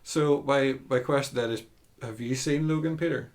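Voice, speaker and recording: A man's voice: medium pitch, moderate pace. A man hosting a podcast, chatting casually about movies with hesitant fillers. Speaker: podcast host.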